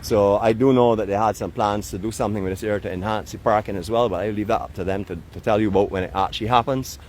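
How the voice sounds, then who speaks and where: This is a middle-aged man from Barbados speaking with a Barbadian accent and a somewhat low voice. He narrates a live stroll outdoors in a chatty, teasing way, mixing guide tips with mock boasts. Faint street and traffic noise sits behind him. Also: steady tone, quick pace. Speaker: vlog host and walking guide. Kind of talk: live walking tour narration. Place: outdoors by a seaside port in a town.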